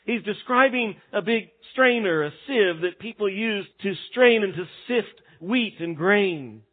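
A man delivers a sermon from the pulpit, his voice pitched a bit high for a man. He rises to loud, emphatic peaks and then falls to quiet, hushed stretches. The sound is thin and tinny, like a phone line. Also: expressive, measured pace, breathy edge. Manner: dynamic preaching, swings from loud to hushed. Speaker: pastor.

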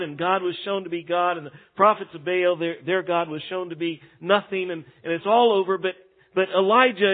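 A man preaching a sermon as a pastor, swinging between loud emphatic lines and hushed ones. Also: sits high. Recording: tinny phone-like sound.

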